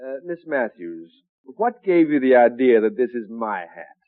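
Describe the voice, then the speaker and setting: An actor playing a flustered, glib professor husband in a 1950s radio sitcom. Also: male voice, mid-range voice, sing-song, dry recording. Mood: wry. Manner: flustered, fast excuses. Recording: tinny old radio broadcast, dry.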